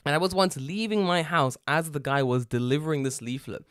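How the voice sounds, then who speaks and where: A man's voice: fairly high pitch, brisk, clear, resonant tone, dry recording, studio quality. A man from England, co-hosting a podcast and telling stories in casual chat, swearing freely and laughing often. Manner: profane, animated storytelling with frequent laughter. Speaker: podcast co-host.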